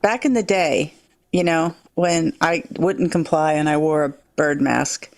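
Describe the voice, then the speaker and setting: A woman's voice: low voice, unhurried. A woman co-hosting a casual group chat, playful and rambling, often trailing off mid-thought. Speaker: show co-host.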